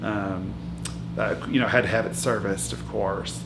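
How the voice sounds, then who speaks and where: In a fairly low, fairly evenly pitched voice, a man speaks a little slowly as a brash 66-year-old woman recounting her hotel-bound life in a rambling mockumentary interview, with frequent fillers and restarts. The recording is very noisy, echoey, and has loud music underneath.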